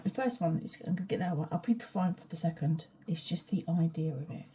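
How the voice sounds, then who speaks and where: Chatty woman with a mellow voice. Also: fairly low pitch, a little fast, slightly rough. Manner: frank and chatty, swears, often drops to a whisper. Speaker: vlogger. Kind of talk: rambling casual vlog chat. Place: home kitchen, standing.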